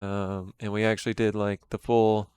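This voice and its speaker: A man in his thirties chatting casually on a live stream, relaxed and rambling as he talks with viewers while working. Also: fairly low pitch, normal speed, clear, resonant tone, no room sound. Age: 30s.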